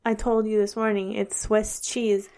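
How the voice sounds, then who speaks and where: Gravelly-voiced woman in teasing chat. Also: medium pitch, little pitch movement, a little slow, a little mellow. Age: adult parent. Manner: giggly, teasing banter. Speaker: podcast co-host. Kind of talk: casual chat.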